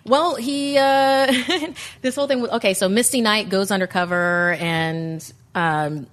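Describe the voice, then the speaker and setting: A woman's voice: medium pitch, steady tone, unhurried, a bit bright. A woman on a podcast panel, recapping a story in a rambling way, full of fillers. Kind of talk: casual pop-culture panel chat.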